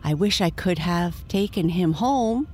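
A woman voicing an excited little girl in a bedtime storybook, speaking high and eager. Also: measured pace, slightly rough, faint music behind. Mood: wistful.

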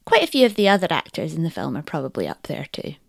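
A woman's voice: low-pitched, wildly swooping pitch, fast talker, gravelly, no echo, clean studio sound. A woman presenting a feature in scripted narration, with a wry delivery.

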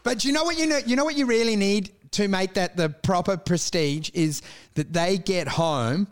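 A man in casual chat, telling stories in an animated, profane way and laughing often. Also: high-pitched, moderate pace, clean tone.

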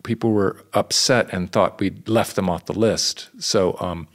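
Man, guest, relaxed chat, fairly low voice, playful storyteller. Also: unhurried. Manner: chatty storyteller with playful bursts of energy. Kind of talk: casual chat.

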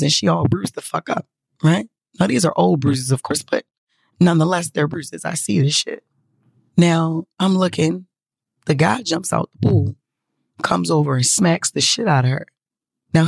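A woman telling a story to her viewers in a casual, profane, animated way. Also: sits low, creaky, breathy edge, dry recording.

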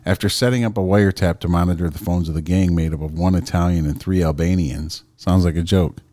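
A man's voice: sits low, fairly even intonation, a little fast, dark tone, no room sound, clean studio sound. A man co-hosting a podcast in casual chat, swearing loosely, laughing a lot and reading news stories aloud. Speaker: podcast co-host.

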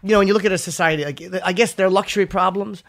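A man's voice: sits high, fairly even intonation, rapid-fire, fairly bright tone. Profane rambling podcast host, a man. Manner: rambling, profane, self-deprecating. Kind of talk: casual podcast chat.

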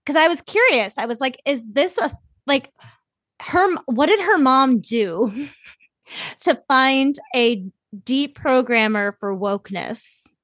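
A young woman hosting a podcast in casual chat, talkative and loose, swearing freely with quick asides. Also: sits high, lively intonation, fairly bright tone, dry recording. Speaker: podcast host.

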